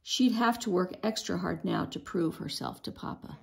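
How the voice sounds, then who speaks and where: Gravelly-voiced woman reading a storybook. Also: fairly low pitch, moderate pace. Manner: expressive storytelling, occasional stumbles. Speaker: storybook reader. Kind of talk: reading a children's novel aloud.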